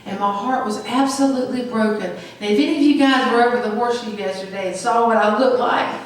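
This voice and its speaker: A woman's voice: fairly high pitch, steady tone, quick pace. A woman pastor preaching a sermon with emphatic call-and-response. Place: church sanctuary. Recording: echoey church from far off.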